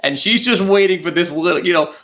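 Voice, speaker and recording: A man's voice: high-pitched, a little fast, a bit bright. A man co-hosting a casual podcast, telling a story about his daughter with wry, dry humor and some laughter. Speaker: podcast co-host. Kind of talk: casual chat.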